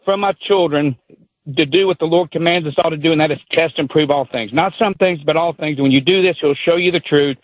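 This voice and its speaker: A man with a Southern twang calls in over a thin, tinny phone line, his voice a bit high and dry. He talks fast and urgent, hammering his points like a preacher. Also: dry recording. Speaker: caller. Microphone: telephone.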